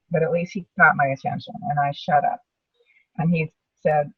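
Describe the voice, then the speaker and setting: A woman's voice: deep voice, little pitch movement, normal speed, slightly rough, dry recording, far from the mic, phone-quality sound. A woman sharing her personal story as a survivor in a webinar, talking in an earnest, reflective way. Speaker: brain tumor survivor panelist. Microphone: video call.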